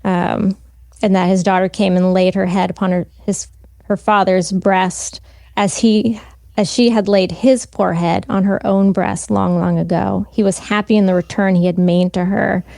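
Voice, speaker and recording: A woman talking casually on a book podcast, her voice carrying a noticeable vocal fry. The sound is dry and close, without room echo. She slows down and reads carefully when quoting passages. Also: medium pitch, fairly even intonation, a little mellow. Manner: reads quotes from the book slowly and deliberately. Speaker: podcast co-host. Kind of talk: casual book discussion with read-aloud passages.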